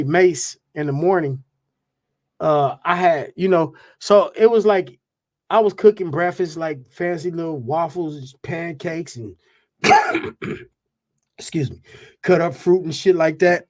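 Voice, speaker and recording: A man guest on a podcast telling animated stories in heavy profane slang. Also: a little high. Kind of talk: casual storytelling.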